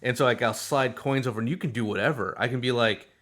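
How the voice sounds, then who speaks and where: A man co-hosting a podcast, chatting casually about board games in a rambling, animated way and laughing often. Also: mid-range voice, quick pace. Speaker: podcast co-host. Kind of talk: casual board game chat.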